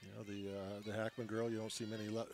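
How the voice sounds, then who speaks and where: Easygoing lower-voiced color commentator man. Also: little pitch movement, fast talker, darkish tone. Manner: easygoing, chatty, many "you know"s. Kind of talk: relaxed sports color commentary. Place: press box above a softball field.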